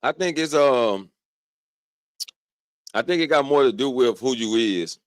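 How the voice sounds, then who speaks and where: A man's voice: mid-range voice, animated, a little slow, dry recording. A man in a casual chat who talks bluntly and aggressively, full of slang.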